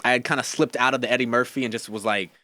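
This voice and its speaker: A young man guests on a casual podcast and tells his stories in an animated way, filling his sentences with "like" and "um". His voice sits at an average pitch and is heard close and dry. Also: racing, dry recording. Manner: animated storyteller, many fillers.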